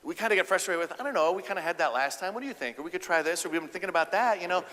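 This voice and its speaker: Animated man giving a humorous keynote. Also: sits high, very fast, in a large hall. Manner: animated, acts out quotes with a raised voice. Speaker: keynote speaker.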